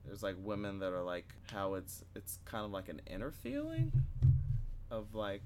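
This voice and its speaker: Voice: sits low, big pitch swings, normal speed, heavy background noise. A podcast co-host in casual chat, rambling and hesitant, often breaking off and restarting sentences.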